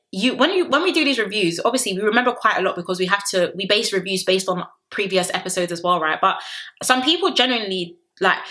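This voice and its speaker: A woman's voice: medium pitch, pushed and bright. A young woman reviewing a reality show in a chatty, sassy commentary vlog full of rhetorical questions.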